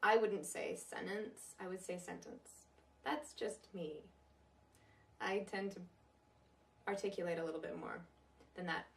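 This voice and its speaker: A woman's voice: on the low side, steady tone, normal speed, vocal fry, pauses often, a little hiss or hum. Woman accent coach, playful tutorial delivery, heard from a distance as played in a room. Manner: playful, demonstrates regional accents.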